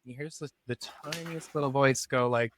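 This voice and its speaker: A man's voice: medium pitch, steady tone, moderate pace, a bit bright, a little hiss or hum. Rambling male game master. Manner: rambling, hesitant, full of fillers. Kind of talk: narrating a tabletop game.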